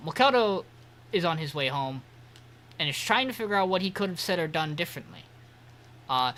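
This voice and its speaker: A man's voice: on the high side, bright, forceful tone, slight background noise. A man co-hosting a podcast, giving a loose, joking episode recap with sarcastic asides. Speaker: podcast co-host.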